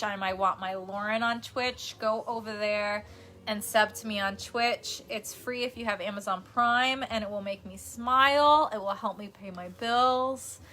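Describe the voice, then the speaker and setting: A woman's voice: on the high side, pushed and bright. A woman from New York chatting casually on a livestream in her bedroom, reading out comments, rambling and laughing often. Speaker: streamer.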